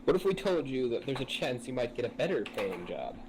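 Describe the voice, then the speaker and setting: A man playing a tabletop game, talking in a hesitant way with many pauses and restarts. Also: medium pitch, very animated, darkish tone, slight background noise, rough recording. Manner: hesitant, full of uhs and restarts. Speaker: player. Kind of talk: casual tabletop play.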